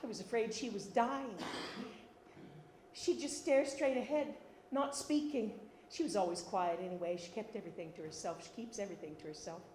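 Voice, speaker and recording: A woman's voice: mid-range voice, moderate pace, darkish tone, reverberant, a little hiss or hum. An older woman telling a wry, funny life story as a one-woman stage monologue. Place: theatre stage.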